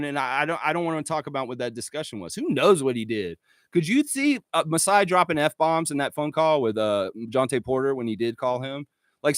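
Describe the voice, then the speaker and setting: On a live stream, a man with a voice on the high side rants excitably, swearing a lot and reading chat comments out loud. The studio-quality recording has no room sound.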